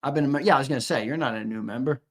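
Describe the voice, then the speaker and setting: Speaking very fast in a mid-range voice, a young co-host of a live fan show reads viewer comments in casual chat. He swears a lot and repeats his lines.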